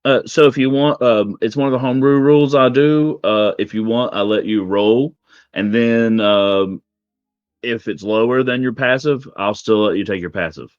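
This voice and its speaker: A man's voice: medium pitch, steady tone, moderate pace, clear, resonant tone, no room sound, lo-fi sound. A man narrating as game master of a tabletop game in a casual, rambling way, with many ums.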